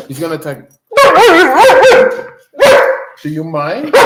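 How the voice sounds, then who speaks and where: A man talking on a live stream in a playful, chatty way, slipping into coaxing baby talk. His voice sits a little high and swings up and down a lot. The sound is roomy and echoey. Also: expressive, moderate pace, very noisy. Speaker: livestreamer. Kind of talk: casual live-stream chat. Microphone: streaming setup mic. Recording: roomy echo.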